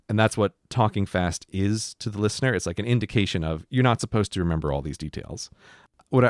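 A man's voice: on the low side, no room sound, studio quality. A man co-hosting a podcast, chatting casually and reflectively, with lots of "like" fillers. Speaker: podcast co-host. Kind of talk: casual chat.

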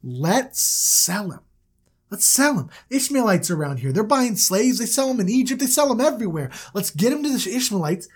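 A woman playing a scheming older brother who talks his siblings into his plan. His delivery is persuasive and calculating, and his pitch moves around a lot. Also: sing-song, normal speed, breathy edge. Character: scheming practical older brother, young man.

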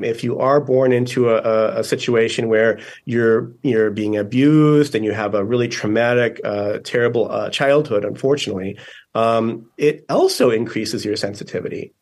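A man's voice: medium pitch, moderate pace. A man, a guest author in a podcast interview, explaining ideas patiently with frequent fillers and checking questions. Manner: thoughtful, explanatory, many fillers and "right?".

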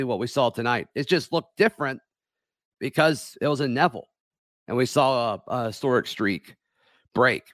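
Hoarse male sports host, middle-pitched, loose rambling delivery, dry close mic. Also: a bit bright, no room sound. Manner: rambling, frequent fillers and restarts. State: hoarse from yelling. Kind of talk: casual sports talk stream.

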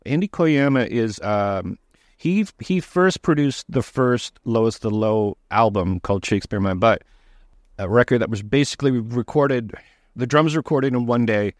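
A man speaks at a middle pitch in a dry, close recording. He talks loosely as a documentary director answering questions, stumbling over restarts and filler words. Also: no room sound. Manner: halting, many restarts and fillers. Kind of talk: casual interview answers.

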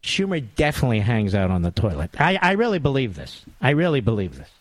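A man's voice: mid-range voice, huge pitch swings, fast talker, no room sound. A man hosting a talk radio monologue, sarcastic and mocking, with big theatrical swings in tone.

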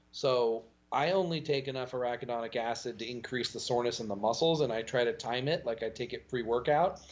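A man chatting on a podcast, telling lively stories and chuckling as he goes. His voice sits in a middle pitch, and the sound is dull and lo-fi. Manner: animated storyteller, chuckles often. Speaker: podcast guest. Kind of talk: casual podcast chat.

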